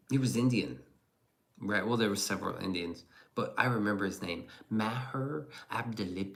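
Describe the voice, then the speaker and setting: A man's voice: on the low side, moderate pace, fairly bright tone. A man streaming casually and reacting to chat, rambling and profane with chuckling asides.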